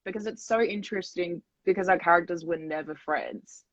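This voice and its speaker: A woman's voice: fairly low pitch, fairly quick, a crowd in the background. Enthusiastic young woman, dull lo-fi sound. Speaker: actor in a live chat. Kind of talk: casual chat. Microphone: phone livestream.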